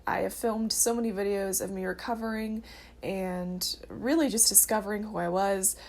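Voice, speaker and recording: A woman in her early twenties telling her personal story in a casual, earnest way, with frequent filler words. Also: mid-range voice. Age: early 20s. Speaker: vlogger sharing her testimony.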